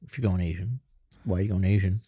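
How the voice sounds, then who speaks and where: A man's voice: sits low, fast talker, mellow, breathy edge, dry recording. A man co-hosting a podcast, telling stories in a laid-back, easygoing casual chat.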